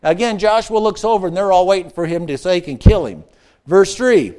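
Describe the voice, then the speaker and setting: A man preaching a sermon, with playful asides, call-and-response questions, and swings between excited shouts and hushed, earnest passages. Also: high-pitched, moderate pace. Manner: rises to excited shouts, drops to hushed tones. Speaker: pastor.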